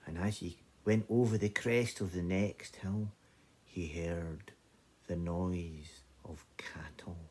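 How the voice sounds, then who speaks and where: A Scottish man telling an old folk tale in a lively, conversational way. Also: deep voice, slow, breathy edge. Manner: animated, conversational narration. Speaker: storyteller. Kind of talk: oral folk-tale storytelling.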